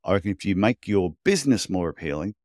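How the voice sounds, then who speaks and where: A chatty man co-hosting a podcast, telling stories in a blunt, animated way. His voice sits low. The sound is dry and close. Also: fast, dry recording. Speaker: podcast co-host, podiatry business coach. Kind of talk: casual podcast chat.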